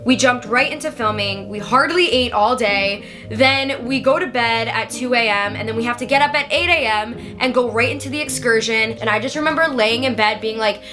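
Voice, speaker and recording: Young woman talking to camera, bright crisp voice, chatty and honest, little music in the back. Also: fairly high pitch, normal speed, hardly any pauses. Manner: candid, chatty, self-critical. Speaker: youtuber reacting to her show. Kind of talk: casual vlog commentary.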